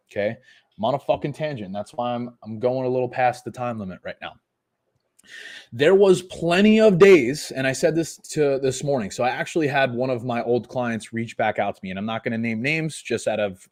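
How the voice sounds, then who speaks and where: A man's voice: medium pitch, darkish tone. A man in his twenties, a fitness coach, ranting emphatically and profanely on a live podcast. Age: 20s.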